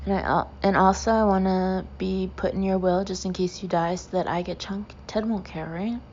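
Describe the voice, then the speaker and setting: A woman voicing a gay Texan man, a doting dog lover who gushes earnestly in a deep twang. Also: fairly even intonation, normal speed, darkish tone, dull audio, a little hiss or hum, close to an everyday voice. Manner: gushing, earnest.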